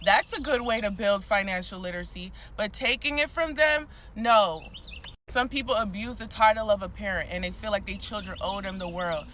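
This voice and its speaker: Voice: medium pitch, moderate pace, pushed and bright, slight background noise. A speaker giving a blunt, emphatic opinion rant. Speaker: vlogger.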